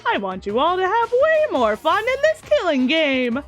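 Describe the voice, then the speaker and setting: A woman's voice: very high-pitched, wildly swooping pitch, normal speed, faint music behind, full character voice. A woman voicing a gleeful, crude male robot bear mastermind who cackles and taunts in a video game. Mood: taunting glee.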